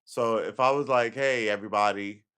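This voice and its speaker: A man with a fairly low voice talks casually on his own livestream. He rambles from one point to the next, swears freely and throws in sarcastic asides. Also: fairly even intonation, moderate pace, a bit bright, clear, resonant tone. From United States. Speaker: livestream host.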